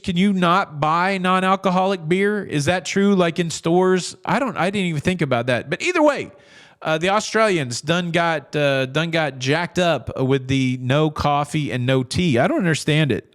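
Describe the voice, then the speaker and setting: A man's voice: a little high, a bit bright. A middle-aged man hosting a casual cruise news show, chatting in a rambling way with jokey asides and frequent restarts. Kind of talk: casual commentary.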